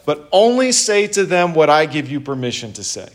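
A man's voice: fairly high pitch, sing-song, moderate pace. A man voicing God as a firm but casual, matter-of-fact male figure, retold in a sermon.

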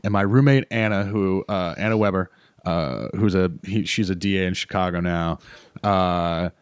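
A man telling a long story in casual chat, animated and rambling, with fillers and acted quotes. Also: low voice, moderate pace, smooth, no echo, studio quality. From North Carolina.

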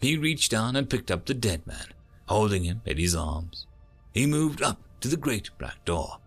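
A man narrating a story in a slow, expressive reading. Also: on the low side, soft background music. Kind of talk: audiobook narration.

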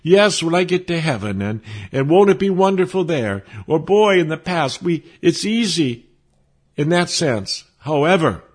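Husky-voiced man preaching a sermon. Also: fairly high pitch, sing-song, measured pace. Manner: earnest, quotes scripture often, warm closing prayer.

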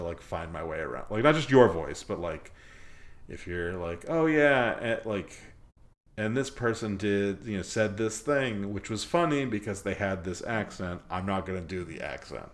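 A man hosting a podcast, chatting casually with his friend and rambling through lots of fillers and restarts. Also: sits low. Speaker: podcast host. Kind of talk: casual chat.

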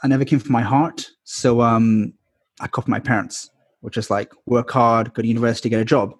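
A man with a husky, slightly breathy voice tells his personal story as a podcast guest. He rambles candidly, filling pauses with ums and likes. The sound is dry and close. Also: mid-range voice, steady tone, no room sound. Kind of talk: casual storytelling interview.

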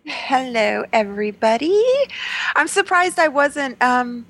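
A woman co-hosting a casual podcast chat, teasing and lively. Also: high-pitched, takes it slowly. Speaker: podcast co-host.

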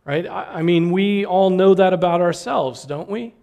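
A man's voice: high-pitched, normal speed, vocal fry, few pauses, a little mellow. A man preaching a sermon in an earnest, emphatic way, often restarting words and asking "right?".

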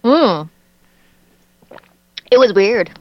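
A woman's voice: a little high, lively intonation, drawn-out words, no echo, muffled recording. A woman with a Canadian accent, a voice actress chatting as an interview guest, laughing often and telling stories with animation. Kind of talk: casual interview chat.

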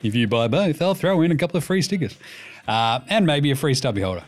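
An Australian man hosts a laid-back basketball podcast, rambling, cursing and cracking jokes as he goes. His voice sits fairly high with a sing-song lilt, he talks fast, and soft music plays underneath.

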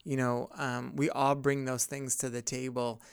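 Male pastor-host, gravelly but smooth, dry close sound, earnest and rambling. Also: mid-range voice, little pitch movement, measured pace, dry recording. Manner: rambling, earnest, many fillers and restarts. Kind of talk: casual podcast discussion.

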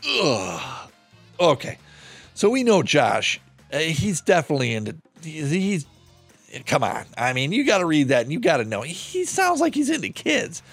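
A man's voice: a little high, big pitch swings, moderate pace, soft background music. A man hosting a true-crime podcast, sarcastic and swearing freely as he reads out chat logs and comments on them. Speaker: podcast host.

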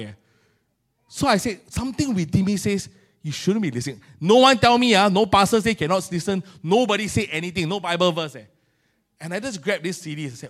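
A middle-aged man with a Singaporean English accent preaching a sermon in a colloquial, animated way, acting out little scenes. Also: sits high, fast talker. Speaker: pastor.

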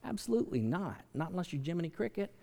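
A man preaching a sermon as pastor, in an animated manner that swings from soft asides to loud, emphatic lines. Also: fairly high pitch, fast, vocal fry. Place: large church sanctuary. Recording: long hall reverb.

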